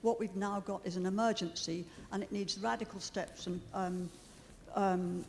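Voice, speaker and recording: A woman's voice: mid-range voice, steady tone, moderate pace, a little mellow, big-room sound, a little hiss or hum. A middle-aged woman campaigner addressing a committee, earnest and hesitant with frequent ums. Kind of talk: public statement. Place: large meeting chamber.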